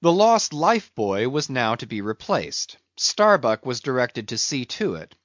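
A man reading a classic novel aloud with measured, expressive storytelling. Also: mid-range voice, no room sound, lo-fi sound. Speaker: audiobook narrator.

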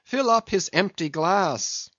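A man voicing a hearty nobleman calling out with a raised, lively voice. The storybook reading sounds dull and dry. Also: high voice, slow, no echo, voice pushed up, heavily acted. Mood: urging. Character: Don Pedro, hearty nobleman host, a man.

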